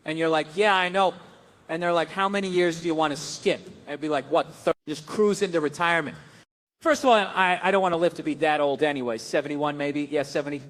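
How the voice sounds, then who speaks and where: A man doing stand-up in a raised, high-pitched register, ranting with sardonic exasperation. He switches into quick acted-out voices of the people in his stories between his grumbling complaints. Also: steady tone, a bit bright. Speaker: stand-up comedian. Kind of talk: stand-up comedy set.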